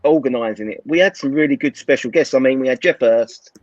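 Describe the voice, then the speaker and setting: A man chatting on a podcast, jumping in with quick asides. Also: mid-range voice, no echo. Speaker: podcast co-host. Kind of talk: casual chat. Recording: dry, dull-sounding mic.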